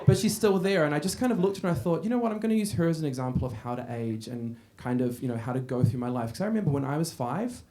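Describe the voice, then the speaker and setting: A man's voice: a little high, animated, very fast, hardly any pauses, mellow. A man doing a stand-up set in a club, brash and crowd-teasing, swearing freely and laughing. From Australia. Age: 30s. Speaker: stand-up comedian. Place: comedy club stage.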